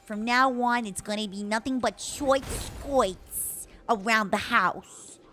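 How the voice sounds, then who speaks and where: A woman putting on a slow, bright film drawl. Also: a little high, soft background music. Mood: mock-serious.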